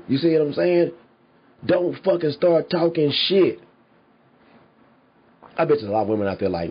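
A man speaking rants to his viewers, heated and emphatic, swearing constantly. His voice is very husky and mid-pitched, and the recording sounds a little dull. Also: expressive, a little fast. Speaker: commentary podcaster. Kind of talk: profane rant to viewers.

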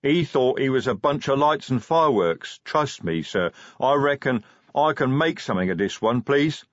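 A man voicing a big, gruff male troll sergeant who growls in slow, broken grammar. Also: mid-range voice, expressive, no echo, highs cut off, voice pushed up, close to an everyday voice. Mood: protesting.

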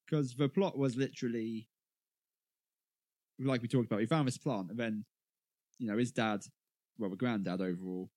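A man talks casually about an animated film as a podcast co-host, slipping in dry, wry jokes. His pitch sits in the middle range. The sound is close and dry. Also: normal speed, pauses often, dry recording. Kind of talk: casual film review chat.

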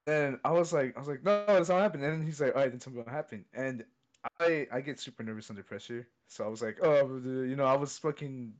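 A man's voice: medium pitch, fast. Rambling young man telling a story. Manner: rambling, repeats "I was like". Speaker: podcast co-host. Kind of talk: casual storytelling chat. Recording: dull lo-fi sound.

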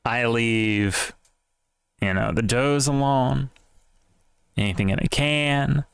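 A man's voice: medium pitch, slow pace, creaky, clear, resonant tone, dry recording. A man hosting a casual podcast debate, laid-back and teasing, swearing now and then.

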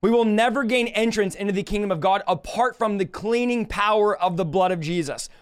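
A man preaching a livestreamed sermon, emphatic and impassioned, slowing down to draw out scripture quotes and rising sharply when he rebukes. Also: sits high, clean tone. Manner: slows to drawn-out delivery when quoting scripture.

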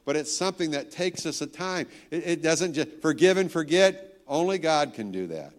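A man's voice: a little high, expressive, moderate pace. A male pastor in his sixties giving a sermon, telling stories and joking with the congregation, hitting key lines hard. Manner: storytelling, joking with the crowd, emphatic. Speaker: guest pastor.

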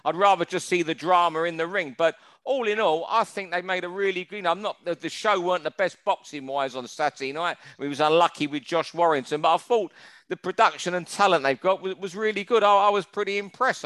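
A man's voice: sits high, brisk, a bit bright, dry recording. A man, a boxing journalist and analyst, giving his views in casual podcast chat with easy fillers.

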